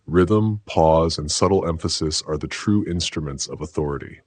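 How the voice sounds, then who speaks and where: A man giving scripted motivational narration in a slow, deliberate, measured way, with a very deep, husky voice. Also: darkish tone, no room sound.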